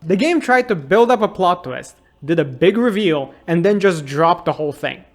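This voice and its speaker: A man in his thirties with a notably high voice, narrating a funny look back at a game he loved as a kid. He sounds sarcastic and exasperated, often mocking the plot in disbelief. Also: lively intonation, moderate pace. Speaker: YouTube game reviewer. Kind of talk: comedic game retrospective narration.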